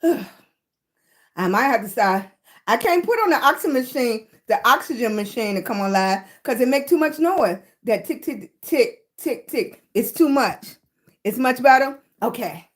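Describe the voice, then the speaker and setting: A middle-aged woman chatting casually with her livestream viewers, short of breath, laughing often and greeting people by name. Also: fairly high pitch. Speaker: livestream host.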